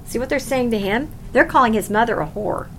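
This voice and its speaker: High-voiced woman preaching emphatically. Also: brisk, fairly bright tone, a little hiss or hum, poor audio. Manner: emphatic, conversational preaching with rhetorical questions. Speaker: Bible teacher. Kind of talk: sermon.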